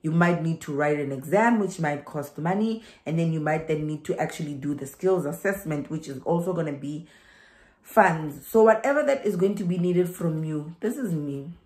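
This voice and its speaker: A woman's voice: low voice, animated, moderate pace, a little mellow, reverberant. A young South African woman with a South African accent giving migration advice in a chatty vlog, laughing and repeating herself for emphasis.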